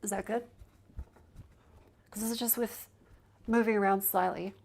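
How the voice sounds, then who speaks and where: A woman's voice: mid-range voice, fairly even intonation, a little slow, vocal fry, a little mellow. A chatty woman streamer with a mid-range voice, rambling and joking between checks. She holds a handheld mic and moves it around as she talks, at home in her streaming room. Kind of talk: casual live-stream chat. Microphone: handheld mic moved around while testing.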